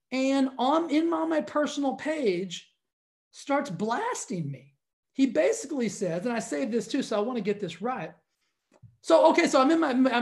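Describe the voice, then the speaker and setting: High-voiced man ranting to camera. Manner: exasperated, animated, talks straight to viewers. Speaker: fitness studio owner. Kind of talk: casual storytelling rant to camera.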